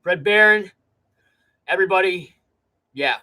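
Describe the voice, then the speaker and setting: A man's voice: high voice, measured pace, pushed and bright, rough recording. A man hosting a live stream, chatting casually in a rambling, laid-back way.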